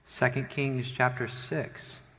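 Slow-speaking pastor man in a reverberant hall. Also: medium pitch. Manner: animated retelling, acting out the characters. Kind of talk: sermon storytelling. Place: church sanctuary.

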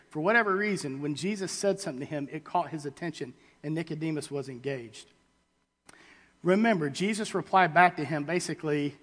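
A man preaching a sermon, reading scripture and acting out the people in it with halting, everyday paraphrases. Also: a little high, expressive. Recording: long hall reverb.

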